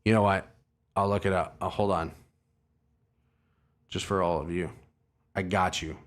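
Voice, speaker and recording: The streamer's low, steady voice moves a little slowly as he rambles through a long story to his live chat. He swears plenty and mocks himself in this casual bit of storytelling.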